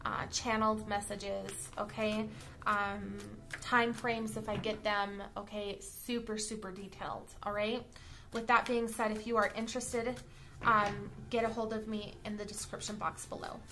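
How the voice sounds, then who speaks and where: This tarot reader talks in an unhurried, medium-pitched voice with a level tone. Her casual reading is chatty and blunt, with the occasional swear word and frequent "okay?" and "all right?" check-ins.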